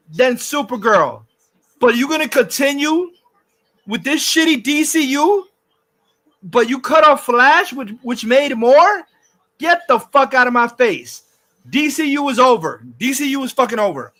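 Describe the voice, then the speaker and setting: High-pitched furious man ranting. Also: expressive, measured pace, sharp tone. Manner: furious, profane, repetitive ranting. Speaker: livestream host. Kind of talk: angry ranting livestream.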